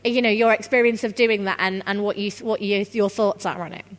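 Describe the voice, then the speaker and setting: A woman's voice: medium pitch, steady tone, a little fast. A woman, giving a conversational workshop talk and drawing the audience in. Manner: chatty, engages the audience directly. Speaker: conference speaker leading a workshop. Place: conference hall. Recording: reverberant conference hall.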